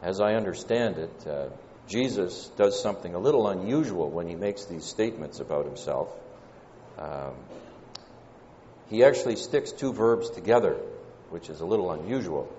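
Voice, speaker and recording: Southern male preacher, deep-voiced, halting and thoughtful, heard on a lo-fi recording from a big echoing hall. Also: animated, warm tone, a little hiss or hum. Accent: Southern American. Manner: measured, pausing delivery with frequent "uh" fillers. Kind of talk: sermon. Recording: dull lo-fi church recording with long reverb.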